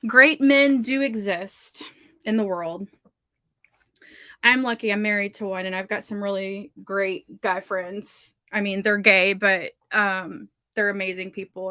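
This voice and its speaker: This writing-sprint livestream host, a woman with a Southern accent, talks in a bright, forceful, mid-range voice from her home office. She's chatty and effusive, reading out viewer comments and peppering everything with "like," and the sound is clean studio audio with no room noise.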